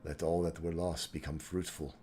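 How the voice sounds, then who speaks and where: A man voicing an awed male scholar who speaks in a hushed, stammering way. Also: a bass voice, little pitch movement, moderate pace, soft background music.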